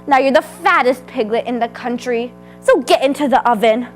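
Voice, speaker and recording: A woman voicing a hungry, greedy male fox who talks loudly and gloats in a read-aloud storybook. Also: fairly high pitch, normal speed, soft background music, lightly acted, poor audio. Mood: musing. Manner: loud, growling, gloating.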